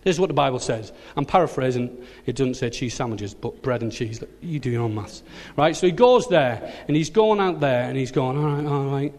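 A man preaching a sermon, who retells the story in a lively, joking way. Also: medium pitch, brisk, hardly any pauses. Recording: long hall reverb.

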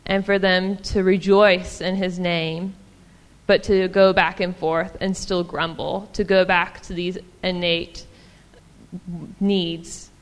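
A woman's voice: lowish voice, flat delivery, takes it slowly. Woman with a drawl, preaching in a reverberant hall. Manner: warm, chatty, many ums and small laughs. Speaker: church speaker. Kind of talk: casual sermon.

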